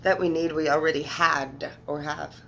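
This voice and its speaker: Low, gravelly-voiced woman talking candidly. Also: fairly even intonation, moderate pace, sharp tone, slight background noise, rough recording. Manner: candid, emotional, swears freely. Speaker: tarot reader. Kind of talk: casual monologue to viewers.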